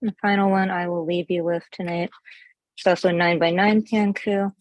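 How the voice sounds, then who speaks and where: Deadpan woman reading poetry, flat. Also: fairly low pitch, a little fast, no room sound. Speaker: open mic poet. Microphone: video call.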